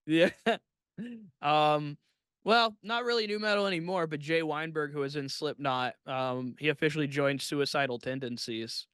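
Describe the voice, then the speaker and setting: Giggly, bright-voiced male comedian. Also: fairly high pitch, normal speed, clean tone, no room sound, studio quality. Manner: giggly, laughs often mid-sentence. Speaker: comedian and podcast co-host. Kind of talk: casual chat.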